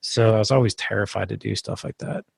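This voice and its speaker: A man on a podcast as a guest, telling a personal story in an earnest, halting way with many restarts. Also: lowish voice, fairly even intonation, creaky, breathy edge, dry recording.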